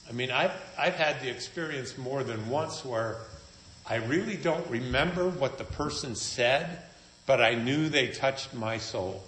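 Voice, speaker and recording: A man's voice: mid-range voice, measured pace, a bit bright, slight background noise. A man preaching a sermon in a conversational, storytelling manner with wry humor. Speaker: pastor. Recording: echoey room.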